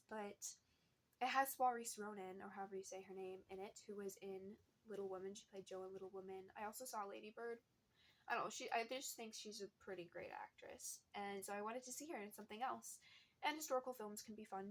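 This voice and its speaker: A woman's voice: mid-range voice, fairly quick. Chatty young woman rambling about books. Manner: chatty, rambling with many fillers and little laughs. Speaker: book vlogger. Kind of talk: casual book chat.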